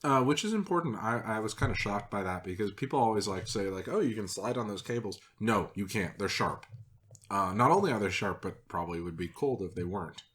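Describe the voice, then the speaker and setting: Low-voiced joking man chatting. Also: brisk. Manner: joking, deadpan contrarian. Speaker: podcast co-host. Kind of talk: casual film-review chat.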